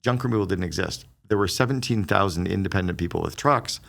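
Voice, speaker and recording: Fast-talking gravelly man telling stories. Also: low voice. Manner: fast, animated storyteller who acts out quoted dialogue. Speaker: guest, business strategist. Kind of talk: conversational podcast storytelling.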